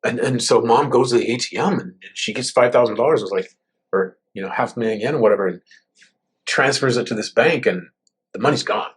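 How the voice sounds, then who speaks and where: A man's voice: medium pitch, brisk, breathy edge. A man hosting a podcast, chatting and telling stories in a casual interview. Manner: chatty storyteller. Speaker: podcast host.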